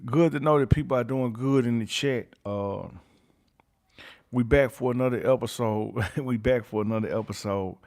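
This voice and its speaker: This livestream host has a medium-pitched, darkish voice and moderate pace. He welcomes chat viewers by name, recycles his catchphrases, and chuckles often.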